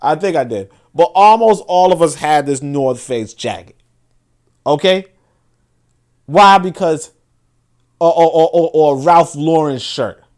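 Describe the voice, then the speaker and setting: Speaking a little slowly with long pauses, in a slightly high voice, this podcast host gives animated, swear-laden, casual takes on politics. He frequently restarts sentences and repeats words.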